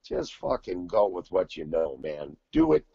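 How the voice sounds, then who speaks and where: A man in his sixties, a guest singer, telling profane, animated stories in casual chat. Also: deep voice, unhurried, creaky, slightly rough, no echo, lo-fi sound.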